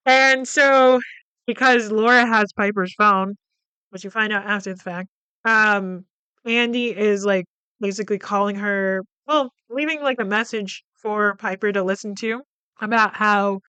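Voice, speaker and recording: A woman's voice: mid-range voice, steady tone, moderate pace, bright, forceful tone, clear, resonant tone, no room sound. A woman hosting a podcast, recapping a film in a casual, chatty way, full of "like" fillers and freely swearing. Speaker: podcast host.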